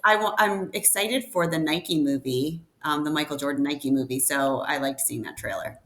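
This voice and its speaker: A woman's voice: sits low, normal speed, fairly bright tone. A woman co-hosting a podcast, giving frank opinions in an offhand way. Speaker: podcast co-host. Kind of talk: casual podcast chat.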